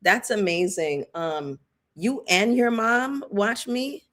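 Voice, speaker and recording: A woman hosting a casual live-chat commentary stream, chatting loosely with frequent fillers, shout-outs and asides to viewers. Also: medium pitch, expressive, takes it slowly. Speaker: YouTube commentary host.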